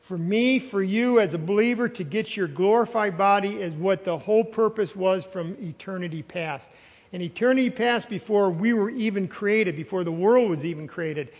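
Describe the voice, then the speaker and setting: High-voiced male pastor preaching in a hall. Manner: emphatic, repeats phrases, quizzes the congregation. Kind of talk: sermon. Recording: long reverb of a large hall.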